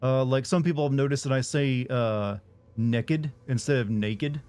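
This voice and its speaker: A streamer with a mild Southern US accent does casual let's-play commentary, chatting with viewers and swearing at the game. His voice is medium-pitched, smooth, and a little mellow, at a moderate pace.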